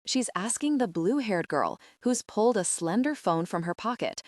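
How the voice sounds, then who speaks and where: A woman narrating a young adult audiobook in the first person, steady and even. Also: mid-range voice, normal speed, dry recording, studio quality.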